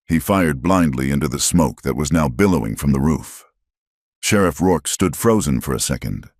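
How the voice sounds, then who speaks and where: A man's voice: very deep voice, expressive, moderate pace, breathy edge, no echo, studio quality. A man giving dramatic scripted narration of a story.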